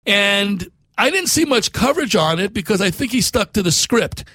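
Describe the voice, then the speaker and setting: A middle-aged man hosts talk radio with loose, rambling, jokey storytelling. His voice sits notably high for a man. The banter stays casual and conversational. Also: sing-song, moderate pace, pushed and bright, no echo, studio quality. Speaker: radio show host.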